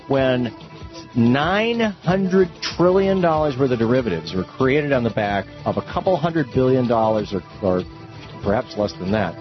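A man's voice: medium pitch, muffled recording. A man hosting a radio talk show, explaining in a conversational, emphatic way with rhetorical questions.

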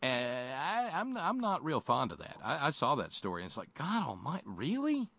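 A middle-aged man co-hosting political talk radio, sardonic and halting, with frequent restarts and stammers. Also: mid-range voice, huge pitch swings, vocal fry, pushed and bright, no echo. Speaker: radio host.

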